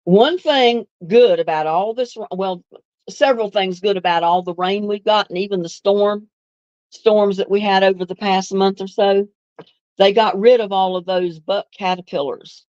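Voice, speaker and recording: A woman's voice: mid-range voice, normal speed, a little mellow, no echo, lo-fi sound. A woman hosts a casual live stream, chatting easily with viewers and laughing often. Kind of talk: casual live chat answering viewer comments.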